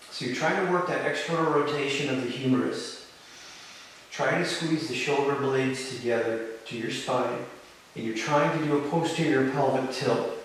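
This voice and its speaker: A man teaching a live yoga class, giving calm, encouraging step-by-step cues. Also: medium pitch, recorded from a distance. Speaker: yoga instructor. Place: yoga studio. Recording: very echoey room, voice from off-mic, faint hiss.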